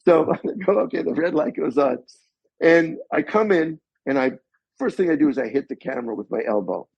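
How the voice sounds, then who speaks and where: Gravelly, husky man telling stories. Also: a little high, brisk, dry recording. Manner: animated, acts out the voices in his stories. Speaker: guest actor. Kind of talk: anecdotal storytelling. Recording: slightly muffled recording.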